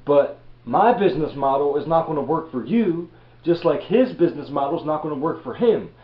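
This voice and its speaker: A man's voice: a little high, lively intonation, fairly quick. A man in his thirties from Baltimore, giving a blunt, profane motivational rant as a reselling vlogger. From Baltimore, USA. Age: 30s. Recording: echoey room, dull lo-fi audio.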